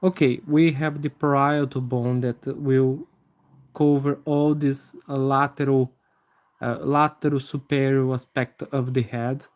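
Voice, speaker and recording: Guy drawing anatomy live, warm mellow voice, lots of restarts. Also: medium pitch, flat delivery. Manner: halting, many fillers and restarts, friendly to viewers. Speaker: anatomy drawing livestream host. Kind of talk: live drawing tutorial with chat greetings.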